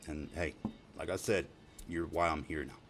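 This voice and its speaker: A man's voice: extremely low pitch, steady tone, normal speed, creaky, slight background noise. A middle-aged man rambling in a profane, emotional personal video message to his family, laughing and tearing up. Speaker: father speaking to family.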